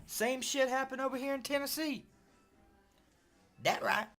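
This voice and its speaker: A middle-aged man ranting in a put-on gruff tough-guy voice, profane, boastful and loud, trash-talking a rival fan in a video. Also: very high voice, unhurried, soft background music. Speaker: sports fan vlogger.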